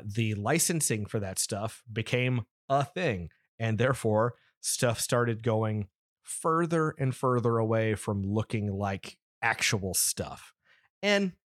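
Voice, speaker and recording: A man's voice: mid-range voice, no echo, clean studio sound. A man in his thirties hosting a podcast, chatting casually and rambling with lots of restarts and fillers. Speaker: podcast host. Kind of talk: casual nerdy chat.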